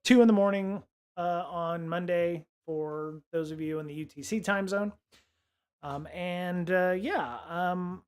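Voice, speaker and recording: A man hosting a casual tech livestream, rambling along with lots of fillers and restarts. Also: on the high side. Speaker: livestream host.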